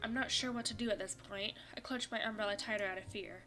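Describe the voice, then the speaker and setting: A young woman streaming a visual novel, reading the story and her character's lines aloud and breaking into animated, laughing reactions. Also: medium pitch, quick pace, soft background music. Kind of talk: reading a game script aloud with commentary.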